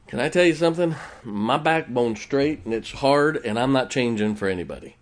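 A man's voice: mid-range voice, animated, fairly quick. A man preaching a conversational sermon in a folksy way, often laughing as he talks.

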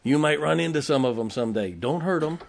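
A man's voice: fairly high pitch, lively intonation, fast talker, creaky. Guy pastor preaching, punchy repeats, rhetorical questions, little jokes, keeps asking the room if they're ok. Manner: emphatic preaching with rhetorical questions and joking asides; checks in with the congregation. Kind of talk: sermon.

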